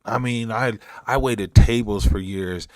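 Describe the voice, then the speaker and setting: A deep-voiced man rambles through a casual livestream, reading and answering his chat. He chuckles often and makes self-mocking dad jokes, and his voice is recorded dry and close with no room sound. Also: measured pace, a little mellow, dry recording. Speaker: streamer reading live chat.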